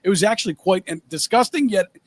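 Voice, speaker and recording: A middle-aged man co-hosting a casual podcast, relaxed and chuckling as he recounts odd news and stories. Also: sits high, fast talker. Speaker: podcast co-host. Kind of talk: casual chat.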